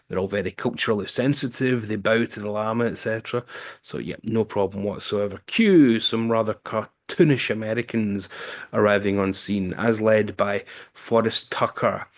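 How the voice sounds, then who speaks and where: A man's voice: on the low side, normal speed. A man casually recapping a film's plot as a reviewer, with wry asides and frequent um fillers. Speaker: film reviewer.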